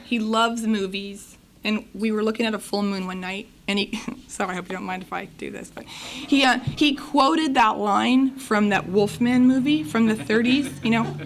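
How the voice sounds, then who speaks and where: A woman's voice: on the high side, background noise. Middle-aged woman telling her recovery story. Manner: lively storytelling, acts out conversations. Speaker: recovery meeting speaker. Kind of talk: personal testimony talk. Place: recovery meeting room.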